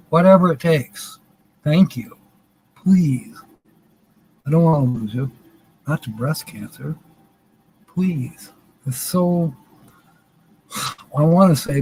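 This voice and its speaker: A man's voice: on the high side, darkish tone, slight background noise, poor audio. A man hosting a live stream, chatting in a rambling, folksy and joking way. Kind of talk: casual live stream chat.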